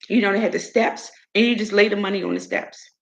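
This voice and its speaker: Outspoken woman host with a gravelly voice. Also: mid-range voice, fast. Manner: outspoken, animated ranting. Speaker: show host. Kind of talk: casual commentary monologue.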